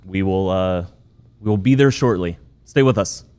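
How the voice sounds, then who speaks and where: Casting: male sports podcast host, lower voice, easygoing ad reads. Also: normal speed, darkish tone, clean tone. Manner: upbeat, reads ads loosely with asides. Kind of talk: casual sports podcast chat.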